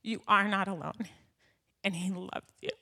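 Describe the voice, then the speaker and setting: A woman's voice: mid-range voice, fairly even intonation, a little slow, bright, forceful tone. A woman in her thirties speaks to a church gathering in a loose, personal way. She talks with plenty of fillers and an emotional edge. Her tone stays conversational while she shares her testimony.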